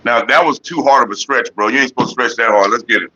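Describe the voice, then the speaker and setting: Fast and forceful, his medium-pitched voice has a bright ring as he hosts a casual stream on a headset mic. He greets the chat, swears without restraint and rambles in a laid-back manner; the lo-fi audio is a bit dull.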